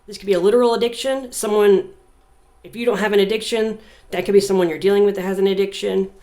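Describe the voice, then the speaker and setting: Relaxed woman giving a tarot reading. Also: medium pitch. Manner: unhurried, thinking aloud with many fillers, reads verses slowly. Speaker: tarot reader. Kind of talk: casual spiritual reading to camera.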